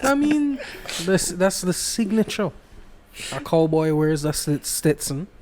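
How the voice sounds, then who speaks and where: A man's voice: sits high, very animated, slow pace, darkish tone, slight background noise. A man with a Jamaican accent co-hosting a podcast, wry and teasing. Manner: wry, fact-dropping, teasing. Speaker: podcast co-host. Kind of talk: casual podcast chat.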